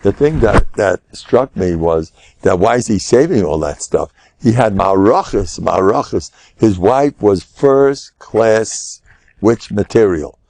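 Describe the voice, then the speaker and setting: An older man, giving an animated storytelling class as a rabbi. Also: on the low side, takes it slowly, no echo. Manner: animated, acts out quotes in raised voices, laughs often. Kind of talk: lively storytelling lecture.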